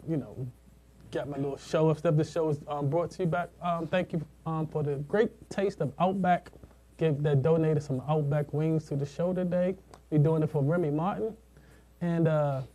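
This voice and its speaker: Dude hosting a web radio show, kinda high voice, chill and slangy, lots of ums. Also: male voice, mellow. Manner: laid-back, slangy, rambling with fillers. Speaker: internet radio show host. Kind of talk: casual talk show chat.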